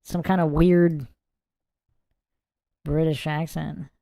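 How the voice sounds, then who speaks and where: A man's voice: on the high side, little pitch movement, takes it slowly, vocal fry, warm tone, dry recording. A man hosting a casual livestream, reading viewer chat aloud and musing over it. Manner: chatty, muses aloud, reads comments and look-ups aloud.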